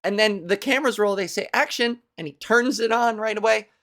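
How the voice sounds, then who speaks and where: A woman's voice: mid-range voice, brisk. A woman comedian hosting her own podcast, rambling through a profane comic monologue.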